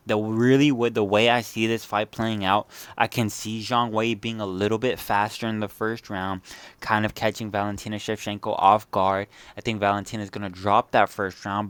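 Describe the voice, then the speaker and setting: A man's voice: fairly low pitch, a bit bright, clear, resonant tone, no room sound. A young man giving casual, blunt fight predictions, swearing freely and repeating phrases as he rants. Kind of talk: casual solo commentary.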